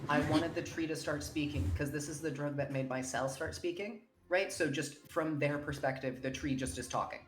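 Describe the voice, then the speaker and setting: A woman playing in a tabletop game, eager and bargaining, quick to jump in. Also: sits low. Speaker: player. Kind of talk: tabletop play chat.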